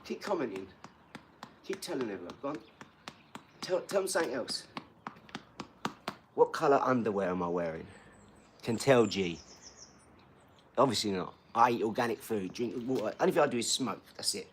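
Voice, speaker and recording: A man's voice: lowish voice, very animated, moderate pace, long pauses, a little hiss or hum. A man, chatting casually on a live stream and bantering with a troll in his comments.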